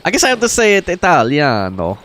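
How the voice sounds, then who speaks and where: A man chats his way through a game stream, rambling and thinking aloud. His voice sits a touch high and swings widely in pitch, with faint game music under it. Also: wildly swooping pitch, fairly quick, noisy background. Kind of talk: casual gameplay chat.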